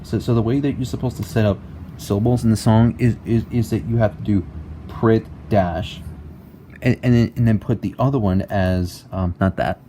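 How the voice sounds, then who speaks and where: A young man talks through a home tutorial in a halting, stumbling way, repeating words and leaning on fillers. His voice sits a little low and sounds mellow and relaxed. Faint background noise hums under the laptop mic. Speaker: tutorial maker. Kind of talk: casual screen-recorded tutorial.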